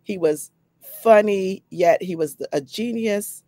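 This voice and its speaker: A woman's voice: mid-range voice, slow, warm tone, dry recording. A woman giving a chatty personal testimony on a video call, laughing often and repeating herself. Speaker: guest on a live company update.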